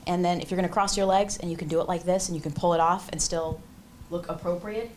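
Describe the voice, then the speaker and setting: A workshop instructor with a lowish, darkish voice speaks fast and with fairly even intonation, a little hiss or hum in the audio. She's leading an interview-skills class in a large room, giving direct, hands-on coaching and demonstrating poses, recorded distantly in a roomy hall.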